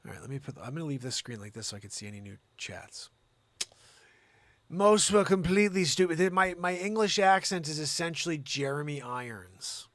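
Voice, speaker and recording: A man hosting a live-streamed comedy news show, rambling and sarcastic, jumping between loud reading and muttered asides. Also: medium pitch, expressive, a little fast, few pauses, no room sound.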